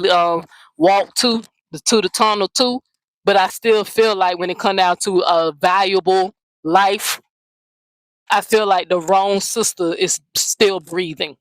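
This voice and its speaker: A woman's voice: lowish voice, no echo, rough recording. A woman hosting her own channel, delivering a blunt, profane, mocking rant straight to the camera. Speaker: channel host. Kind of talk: confrontational vlog rant.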